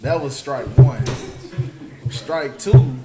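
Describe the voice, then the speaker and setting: A man's voice: medium pitch, slow. Emphatic man preaching to a study group. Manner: emphatic, keeps asking "you understand?". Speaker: teacher leading a scripture study. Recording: roomy, noisy recording.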